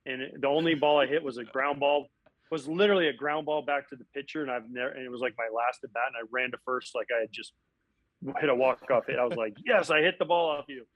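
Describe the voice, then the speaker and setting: A man, a former baseball catcher and broadcast analyst, telling animated stories from his playing days in a casual interview, often acting out what people said. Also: medium pitch, fast talker, no room sound, highs cut off. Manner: animated, acts out quotes.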